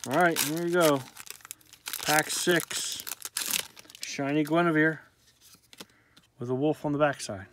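Slow-talking man calling out card names. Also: a little high, noisy background. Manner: slow, drawn-out calling of card names with self-deprecating asides. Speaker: card pack opener. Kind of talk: casual card-opening commentary.

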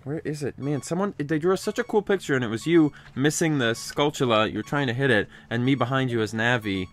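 A man's voice: mid-range voice, expressive, brisk, soft background music. A young man co-hosting a gaming video, chatting casually and jokingly while his partner plays. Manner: joking, playful, breaks into silly voices. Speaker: co-host of a gaming channel. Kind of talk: casual chat over gameplay.

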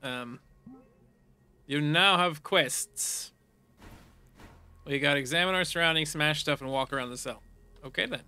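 A man chats his way through a game he is playing, reading the text on screen aloud and breaking into silly hums and sound effects. His voice sits a little high for a man and has a very bright, forceful edge. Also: measured pace, pauses often, clean tone, no echo. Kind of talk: casual let's play commentary.

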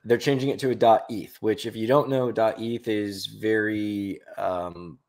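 A man's voice: on the low side, fairly even intonation, unhurried, darkish tone. A man co-hosting a casual podcast chat, rambling and jokey, often correcting himself mid-sentence. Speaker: podcast co-host.

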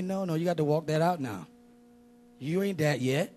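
A man with a noticeably high voice preaches with animated energy. He talks to his congregation casually, jokes with them and drives his points home with street-style emphasis. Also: moderate pace, long pauses. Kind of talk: lively sermon.

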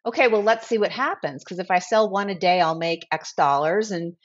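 A woman in her forties, a guest on a podcast, telling her story in a casual, animated way and acting out the dialogue. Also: mid-range voice, a little fast, muffled recording. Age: 40s. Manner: animated, acts out quoted dialogue. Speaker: guest, brand founder.

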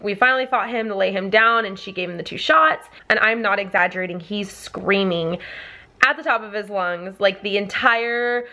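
A woman's voice: medium pitch, normal speed, sharp tone. A young woman, a mother and family vlogger, telling a story to the camera in a chatty way, full of fillers and laughter.

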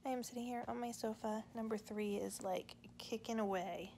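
A young adult woman, a family vlogger and mother, chats casually to camera from her living room sofa, rambling about her plans with plenty of fillers. Her voice is fairly high with fairly even intonation, a darkish tone, and normal speed. There's slight background noise.

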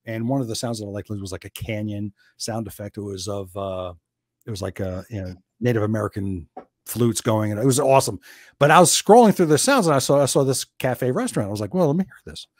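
Animated man telling stories on a podcast. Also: fairly low pitch, a little fast, no echo. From New Jersey. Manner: animated storyteller, acts out quotes. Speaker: podcast guest. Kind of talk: casual podcast chat.

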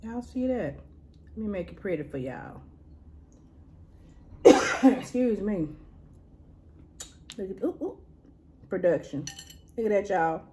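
A woman's voice: mid-range voice, animated, a little slow, long pauses, mellow, slight background noise. A woman chatting casually to her viewers as she tastes and reviews food, humming and muttering between bites. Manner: mutters and hums while eating. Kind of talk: casual eating and review vlog.

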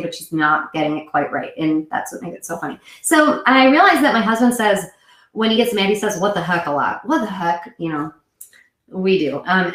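A woman in her thirties hosts a casual live show for mothers, talking straight to camera in a loose, rambling way that keeps correcting itself. Her voice sits at an ordinary middle pitch. The room around her is noticeably echoey. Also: a bit bright. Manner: chatty, rambling, self-correcting. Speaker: host of a live web show for moms. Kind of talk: casual solo chat to camera.

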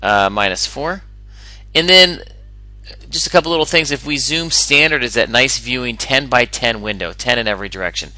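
A man's voice: medium pitch, expressive, moderate pace, sharp tone, no echo, low-quality recording. A man teaching a recorded algebra lesson in an upbeat way, explaining step by step and asking the listener questions. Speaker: math teacher.

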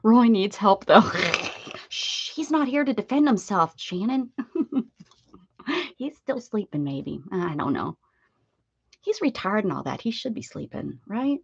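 A chatty woman greets viewers one by one on her art livestream, playful and quick to laugh. The sound is dull and dry, close and slightly muffled. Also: medium pitch, expressive, creaky, breathy edge, dry recording. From United States. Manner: chatty and playful, laughs often, sings short welcome jingles. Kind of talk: casual chat greeting viewers.

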